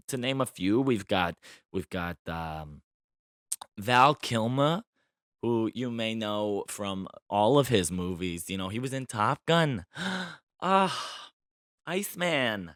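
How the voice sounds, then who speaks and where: A man's voice: medium pitch, dry recording. Joking man hosting a podcast, dry sound. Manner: playful, boastful, tongue-in-cheek. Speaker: podcast host. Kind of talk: casual solo podcast chat.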